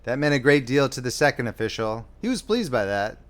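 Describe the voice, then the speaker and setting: A man narrating a novel audiobook with a steady storytelling delivery. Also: mid-range voice, fairly quick.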